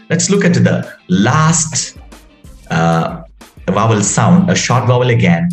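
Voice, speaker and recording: A man's voice: medium pitch, a little mellow, roomy sound. A man teaching English vowel sounds, drawing out and exaggerating each sound as he demonstrates it. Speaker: pronunciation teacher. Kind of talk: spoken English lesson.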